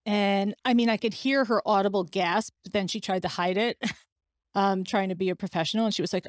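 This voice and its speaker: A woman shares a painful personal story on her own podcast. She speaks candidly and with feeling, and slips into the voices of the people she quotes. Her voice sits at a medium pitch and sounds dry and close, with no room echo. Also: fairly even intonation, moderate pace. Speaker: podcast host.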